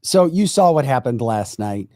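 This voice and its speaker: A man co-hosting a political podcast, talking in a sarcastic, animated way. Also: medium pitch, moderate pace, no room sound, studio quality. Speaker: podcast co-host. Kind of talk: casual political chat.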